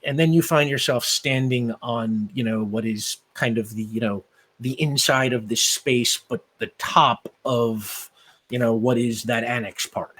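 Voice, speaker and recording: A male game master describing a tabletop scene in a loose, rambling way. His voice sits at an ordinary middle pitch. He leans on fillers and restarts as he goes. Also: fairly even intonation, measured pace, a bit bright.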